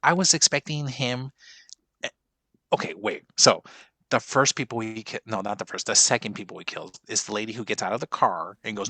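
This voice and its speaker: A rambling, profane man in his forties, talking through a movie reaction in casual chat. His voice sits a little low but sounds bright and forceful. The sound is dry and close, with no room behind it. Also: a little fast, no room sound. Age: 40s. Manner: rambling, profane, stops and restarts a lot. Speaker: podcast co-host.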